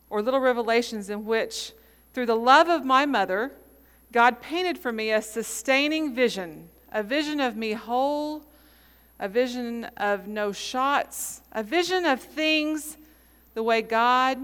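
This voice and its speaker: A woman in her forties preaching a sermon, telling a story with measured, dramatic pauses. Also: a little high, fairly bright tone, clean tone, big-room sound. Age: 40s.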